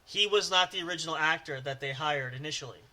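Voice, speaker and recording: Bright upbeat man chatting and laughing. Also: on the high side, quick pace. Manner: laughing, stammering impressions of movie lines. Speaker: podcast co-host. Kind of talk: casual chat.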